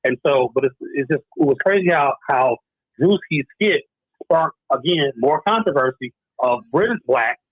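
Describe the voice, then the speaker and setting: A man's voice: mid-range voice, lively intonation, normal speed, dry recording. A man co-hosting a podcast who gives long, meandering explanations over a remote line. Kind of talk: casual debate talk. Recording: tinny phone-like remote line.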